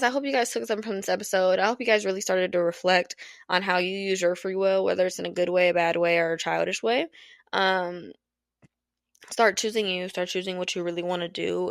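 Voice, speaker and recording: A woman chats through her solo podcast at home, frank and loose with her swearing, often breaking into laughs. Her voice carries a steady gravelly fry, and the sound is close and dry with no room around it. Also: fairly low pitch, no echo. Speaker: podcast host. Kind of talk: casual solo podcast chat. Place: at home in an apartment.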